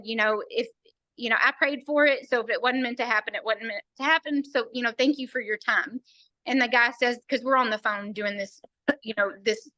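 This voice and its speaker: A woman's voice: on the high side, sharp tone, dry recording, poor audio. A woman earnestly telling a personal story on a team call, acting out what others said to her. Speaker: team member sharing a story.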